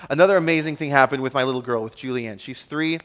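Earnest, excitable man preaching a sermon. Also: medium pitch, quick pace. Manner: earnest, excitable, laughing storyteller. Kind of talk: sermon with personal story. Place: church stage.

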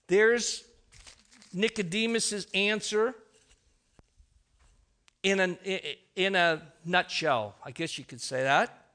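A man's voice: high-pitched, slow pace, pauses often, bright, forceful tone. A man preaching a sermon, emphatic, often restarting his sentences.

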